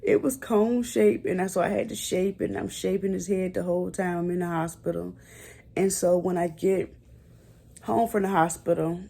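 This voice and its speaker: A young woman speaks to her viewers in a casual storytime vlog. Her voice sits low, with a gravelly, dark, mellow tone. She talks in a chatty, earnest way, calling her audience y'all. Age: young adult. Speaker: vlogger.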